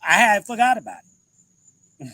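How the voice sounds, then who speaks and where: A man's voice: high-pitched, big pitch swings, measured pace, pushed and bright, no echo, poor audio. A man hosting a show, giving a blunt, profane commentary with emphatic inflections. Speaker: podcast host. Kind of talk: ranting commentary.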